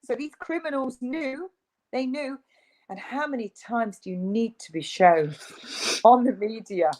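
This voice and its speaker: Une femme à l'britannique, à la voix plutôt aiguë, invitée d'une interview, au ton insistant et véhément. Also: female voice, a little high, unhurried, a little mellow, poor audio. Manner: emphatic and insistent, ranting. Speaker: interview guest. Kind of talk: video interview.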